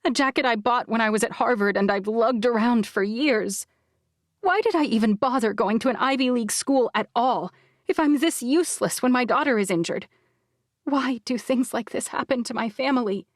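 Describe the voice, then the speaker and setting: A woman narrating an audiobook in the first person, with expressive storytelling. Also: a little high, moderate pace, no room sound, studio quality. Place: recording booth. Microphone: studio microphone.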